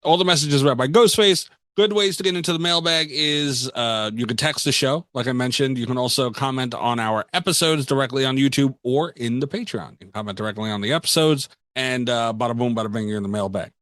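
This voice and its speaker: A man hosting a podcast in casual banter, animated and teasing, quick to laugh. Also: medium pitch, no room sound, clean studio sound. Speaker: podcast host.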